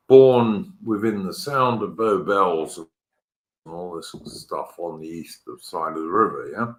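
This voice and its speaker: Deep-voiced man, roomy sound. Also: a little slow. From England. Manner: earnest, repeats words, says mate. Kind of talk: casual political chat. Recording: roomy echo.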